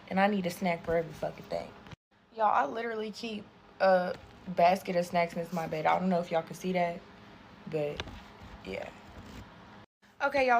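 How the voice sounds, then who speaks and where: A woman's voice: mid-range voice, creaky, a little hiss or hum. Foul-mouthed woman telling a storytime. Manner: profane, animated, addresses viewers as y'all. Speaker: content creator. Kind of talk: storytime vlog.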